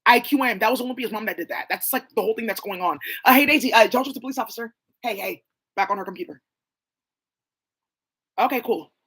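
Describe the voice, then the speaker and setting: A woman's voice: on the high side, quick pace, a bit bright, husky. A woman talking in a rambling, profane monologue, leaping from name to name and claim to claim. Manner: rambling, profane, jumping between names and claims.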